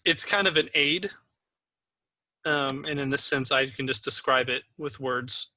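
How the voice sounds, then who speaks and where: Bright-voiced man running a tabletop game. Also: mid-range voice, dry recording. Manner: patient, encouraging, with frequent ums. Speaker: game master. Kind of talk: explaining a tabletop game to new players.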